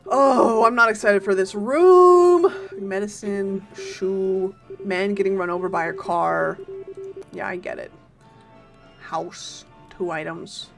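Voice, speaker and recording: A woman streaming a game live, chatting casually and playfully with bursts of loud exclamations. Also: medium pitch, slow pace, faint music behind.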